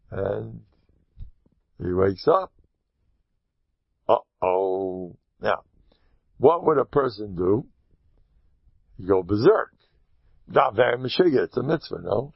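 A man tells a folksy parable with a moral, his voice gravelly and husky. His pitch swings in a lively way, and he drops Hebrew and Yiddish terms into his talk. The recording is dry and dull. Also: a little slow, pauses often, no room sound. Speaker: storyteller giving moral advice.

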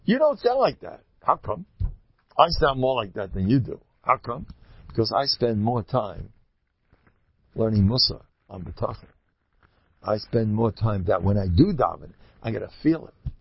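An older man, a rabbi, giving a Torah lecture full of stories, acting out the people he quotes with sudden high, loud bursts. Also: measured pace, creaky, pauses often, husky, no room sound. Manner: animated storyteller, jumps high when acting out quoted voices. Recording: dull lo-fi recording.

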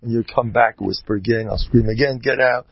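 A man voicing a calm, scheming older rabbi in a story. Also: medium pitch, brisk, creaky, no room sound. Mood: reassuring. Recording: dull lo-fi dry recording.

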